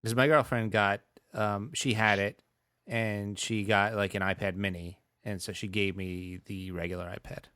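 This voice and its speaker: A man co-hosting a comedy podcast who chats casually and drops dry, deadpan one-liners. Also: lowish voice, moderate pace, clean tone, no room sound. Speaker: podcast co-host.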